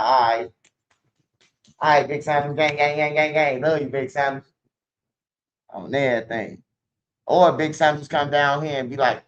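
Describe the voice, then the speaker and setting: A man rants at length in profane street slang, circling back and repeating himself. His voice sits a bit high for a man. The sound is dull and lo-fi, like a stream capture. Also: steady tone, moderate pace, a bit bright, slight background noise. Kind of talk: casual rant.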